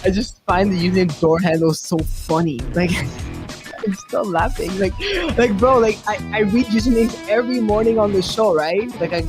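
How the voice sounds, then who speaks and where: A woman's voice: medium pitch, moderate pace, music in the background. A woman from Canada hosting a live online talk show in a slangy, giggly way, swearing freely. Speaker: host.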